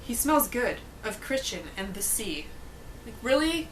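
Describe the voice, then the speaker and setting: A woman's voice: on the high side, very animated, measured pace, background noise. A young woman chatting casually to camera about a book, blunt, sarcastic and swearing freely. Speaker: book reviewer vlogger.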